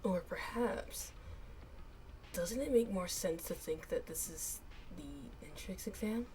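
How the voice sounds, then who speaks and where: A woman streamer reading a game aloud and voicing its characters, animated, with a voice that cracks and goes raspy up high. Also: slow, a little hiss or hum. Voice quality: raspy in higher register. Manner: animated, laughs often, voice cracks on high notes. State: hiccups.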